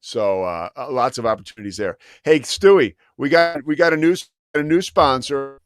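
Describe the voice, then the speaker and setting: A man hosts a live sports talk show in a loose, rambling, animated manner, laughing as he tells a story. His voice sits in a middle register. It is recorded close and dry with no room sound. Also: medium pitch, normal speed, no echo. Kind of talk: casual talk-radio chat with live ad reads.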